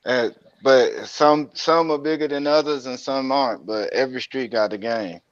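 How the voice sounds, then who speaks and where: A man's voice: mid-range voice, normal speed, no room sound. A man speaking bluntly and matter-of-factly in a casual chat, over a dull lo-fi line.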